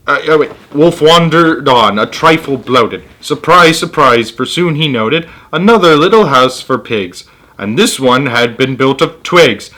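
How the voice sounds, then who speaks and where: A man's voice: a little high, lively intonation, unhurried, bright, forceful tone. A man in his twenties reading a rhyming storybook aloud in an amused, playful way. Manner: amused, breaks into laughter.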